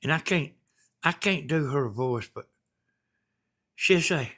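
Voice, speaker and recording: A man's voice: on the high side, expressive, takes it slowly, fairly bright tone. A man with a Southern US accent hosting a casual live stream, reading viewer messages and rambling in a folksy way.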